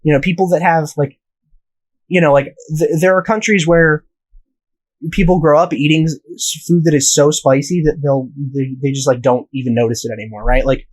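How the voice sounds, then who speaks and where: A man's voice: a little high, steady tone, moderate pace, rough recording. Rambling, profane young American man. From United States. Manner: profane, rambling storytelling with many fillers. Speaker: podcast host. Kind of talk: casual chat.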